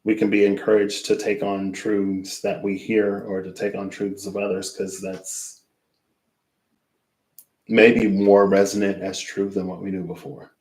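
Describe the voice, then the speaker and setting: Low-voiced man musing in an echoey room. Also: little pitch movement, unhurried, a little mellow. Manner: rambling and reflective, trailing off into asides. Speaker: tarot reader. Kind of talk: casual spoken tarot reading wrap-up.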